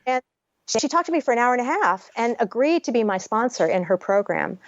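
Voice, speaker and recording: A woman's voice: a little high, animated, fairly quick, no room sound. A woman guest author telling her personal story frankly in a podcast interview, chatty and peppered with swearing. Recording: dry, slightly dull audio.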